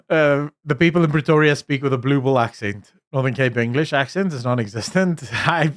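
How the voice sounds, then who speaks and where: A man's voice: mid-range voice, a bit bright. Blunt man streaming. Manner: blunt, rambling, with many fillers and restarts. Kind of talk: casual opinionated livestream chat.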